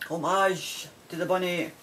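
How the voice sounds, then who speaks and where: A middle-aged woman with a Scottish accent talks to camera in a loose, rambling way and laughs easily. She sounds like she is recording at home. A faint low rumble hums under her voice. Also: fairly bright tone, rough recording. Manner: chatty, rambling, laughs often. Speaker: knitting podcaster. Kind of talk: casual chat to camera.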